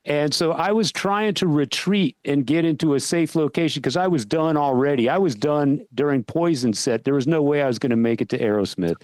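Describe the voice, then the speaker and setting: A man hosting a podcast, chatting casually and telling a long, lively story before asking his guest a question. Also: fairly high pitch, brisk, hardly any pauses, dry recording. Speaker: podcast host. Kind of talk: casual interview chat.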